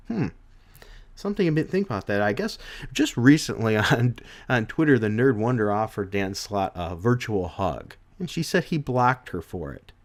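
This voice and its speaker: Animated man reviewing comics. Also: mid-range voice. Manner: animated, rambling with restarts. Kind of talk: casual video review.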